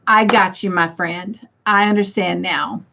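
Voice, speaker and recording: Giggly slow-talking woman host. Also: medium pitch, steady tone, vocal fry, pushed and bright. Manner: giggly, laughing often while reading comments aloud. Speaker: livestream host reading chat. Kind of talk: casual chat. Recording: dull lo-fi sound.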